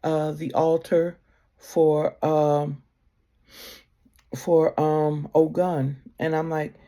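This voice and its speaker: Very slow and level in tone, a low-pitched woman gives casual, heartfelt spiritual advice to camera. Her conversational delivery occasionally fades to a soft near-whisper.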